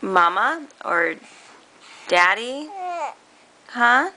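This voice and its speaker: A woman's voice: fairly high pitch, animated, very slow, bright, forceful tone, a little hiss or hum. A woman coaxing her baby in a home video, with sing-song baby talk. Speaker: mother talking to her baby.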